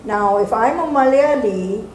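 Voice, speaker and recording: A woman's voice: a little high, lively intonation, measured pace, darkish tone. Indian English woman teacher, echoey room. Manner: explains step by step, switches between English and Hindi. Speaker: teacher and mentor. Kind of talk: speaking at a group meeting. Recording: echoey room, faint background noise.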